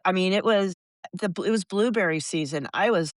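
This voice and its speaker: An American woman in her sixties, a podcast guest telling rambling, animated stories and acting out the voices of people she quotes. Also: medium pitch, brisk, no echo. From United States. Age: 60s. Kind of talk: casual storytelling.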